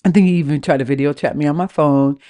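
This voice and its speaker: This podcast host, a West Coast woman in her fifties, talks openly about her love life, cursing without restraint and playing both parts of her phone conversations. Her deep voice is warm and steady in tone, delivered at a quick pace.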